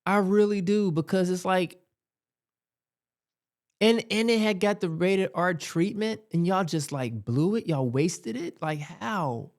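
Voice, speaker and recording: A man's voice: sits high, slow pace. A man hosting casual reaction commentary, rambling and exasperated, with many fillers. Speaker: host.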